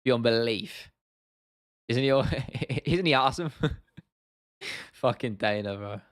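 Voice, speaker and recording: A man's voice: mid-range voice, animated, takes it slowly, dry recording. Young male streamer, casual and blunt, swears a lot, dry close mic. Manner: blunt, opinionated, swears freely, restarts often. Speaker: livestream host. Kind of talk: casual livestream chat answering viewers.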